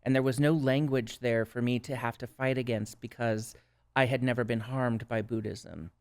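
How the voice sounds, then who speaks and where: Smooth-voiced man with a Minnesota accent. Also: medium pitch, fairly even intonation, moderate pace. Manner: earnest, reflective storyteller with frequent "right?" tags. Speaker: guest, substance use counselor. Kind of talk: casual podcast conversation.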